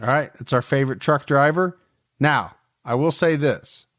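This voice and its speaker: A man hosting a true-crime podcast in casual chat, relaxed and talkative. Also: medium pitch, normal speed, no echo, clean studio sound. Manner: relaxed, chatty, fond of the listeners. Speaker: podcast host.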